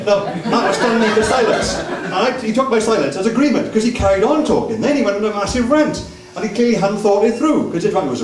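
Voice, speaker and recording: A man comedian with a high, lively voice spins an ironic pub story. His punchlines land with mock innocence. The room has a clear echo. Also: moderate pace, a crowd in the background. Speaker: stand-up comedian. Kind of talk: stand-up set. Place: comedy club stage. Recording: echoey club room.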